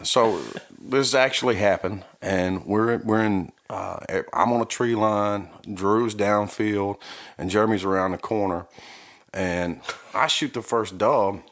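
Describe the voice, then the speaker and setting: A man's voice: lowish voice, a little slow, a bit bright. A young man telling a crude hunting story as a podcast guest, in casual banter.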